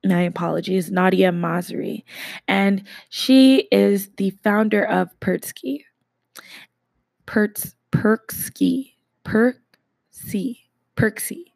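A woman hosts her podcast alone, rambling warmly through shout-outs with a slight lisp. Her voice carries a bit of vocal fry. The sound is dry and close, with no room around it. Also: medium pitch, steady tone, takes it slowly, no echo. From Canada. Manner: enthusiastic, rambling, many fillers and shout-outs. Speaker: podcast host. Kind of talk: casual solo podcast segment.

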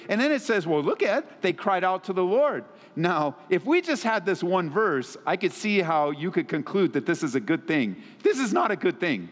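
A man preaching a sermon as a pastor, often sinking into low, quiet tones for emphasis. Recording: long reverb of a large hall.

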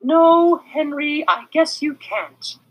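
A storybook reader voicing a fretful woman schoolteacher, high and fussy. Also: unhurried, pushed and bright, full character voice, poor audio. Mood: firm.

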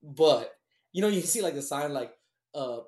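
A man in casual podcast chat, swearing a lot and laughing often as he tells animated stories. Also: a little high, moderate pace. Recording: roomy echo.

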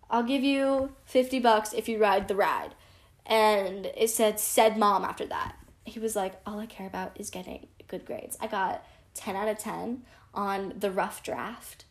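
A teenage girl telling a real-life story in casual vlog style, chatty and frank, peppering her talk with "like". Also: a little high. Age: teens. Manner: chatty, frank and self-deprecating, heavy use of "like".

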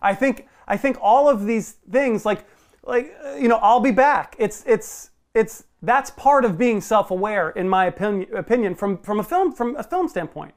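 A man's voice: high voice, expressive, moderate pace. A man co-hosting a film podcast, defending a movie's script and repeating himself as he argues. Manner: argumentative, repeats himself, gives in with a laugh. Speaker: podcast co-host. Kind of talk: casual film-review debate.

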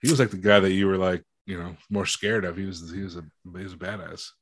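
Blunt low-voiced man, dry close sound. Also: fairly even intonation, quick pace, no echo. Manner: blunt, swears freely, trails off into mumbling. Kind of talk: casual chat about a movie.

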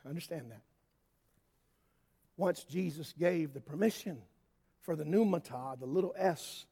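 A man preaching a sermon in a church hall, swinging between yelling and quiet asides. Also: fairly high pitch, breathy edge. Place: church hall with worship band.

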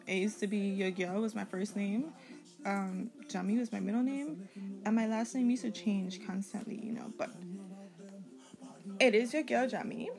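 A woman's voice: mid-range voice, darkish tone, low-quality recording. A young adult woman with a Caribbean accent, hosting a casual solo podcast in a rambling, chatty, candid way. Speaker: podcast host.

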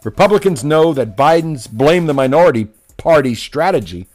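A man's voice: fairly high pitch, lively intonation, normal speed, darkish tone, faint music behind. A man delivering a combative, mocking political opinion monologue as a commentator. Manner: mocking, combative, name-calling.

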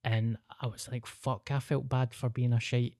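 A man's voice: mid-range voice, flat delivery, normal speed, darkish tone, dry recording, clean studio sound. A man with a Glaswegian accent, a stand-up comedian telling a story in casual podcast chat, rambling, slangy and sweary. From Glasgow, Scotland.

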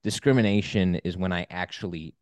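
A man's voice: low-pitched, a little fast, darkish tone, no echo. A man co-hosting a casual podcast, upbeat and talking at length to explain ideas. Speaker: podcast co-host.

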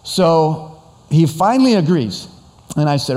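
A man's voice: mid-range voice, a little fast. Man telling a story in an echoing hall. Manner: rambling, animated retelling with quoted dialogue. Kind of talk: storytelling talk.

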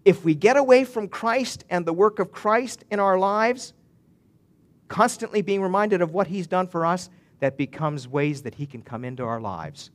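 A man preaching a sermon with a voice pitched a little higher than most men. He speaks earnestly, restarts his phrases often, and builds into emphatic swells as a pastor to his congregation. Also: moderate pace.

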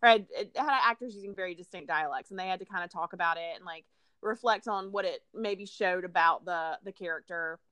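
A woman's voice: on the low side, fairly quick, pushed and bright, no room sound. A woman co-hosting a casual chat, a teacher who talks in a chatty way and laughs often. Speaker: podcast co-host.

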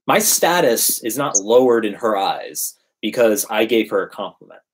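A man's voice: lowish voice, expressive, normal speed, husky. A man in casual conversation, emphatically preaching his dating advice. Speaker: dating coach. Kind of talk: casual podcast chat.

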